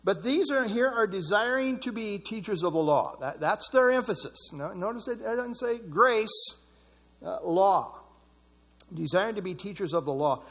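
A man's voice: sits high, expressive, normal speed, a bit bright, husky. A man leading an evening church Bible study in a casual, conversational way, commenting on verses and asking the group for thoughts.

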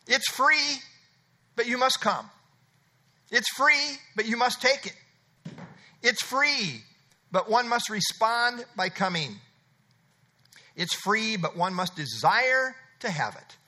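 A man's voice: extremely high pitch, lively intonation, takes it slowly, long pauses, bright, forceful tone. A middle-aged man preaching an expository sermon, emphatic and conversational, repeating his key phrases. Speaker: pastor.

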